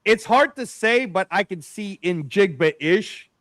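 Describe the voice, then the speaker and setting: High-voiced, rambling podcast host man. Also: takes it slowly, no echo. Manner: animated, rambling, says "bro" and "man" a lot. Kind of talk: casual sports podcast chat.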